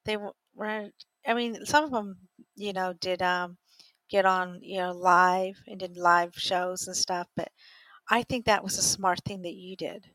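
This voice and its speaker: A woman's voice: on the low side, steady tone, unhurried, a bit bright, dry recording. A woman hosting a talk show, interviewing a guest in a chatty, encouraging way with plenty of fillers. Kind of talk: casual interview.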